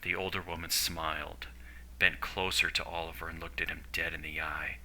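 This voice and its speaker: A man narrating a story in a steady, descriptive way. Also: rumbling low, normal speed, slight background noise, poor audio.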